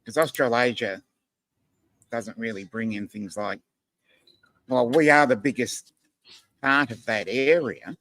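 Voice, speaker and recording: A man's voice: medium pitch, measured pace, long pauses, a bit bright, no room sound, poor audio. A man chatting on a live stream and explaining things in a matter-of-fact way. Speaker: stream guest. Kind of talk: casual chat.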